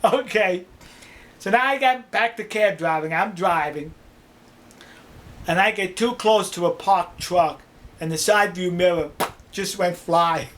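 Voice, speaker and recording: An older man telling stories in a casual, animated way, laughing often and acting out dialogue. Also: sits high, a little slow, long pauses. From New York City. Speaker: storyteller. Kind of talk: casual storytelling.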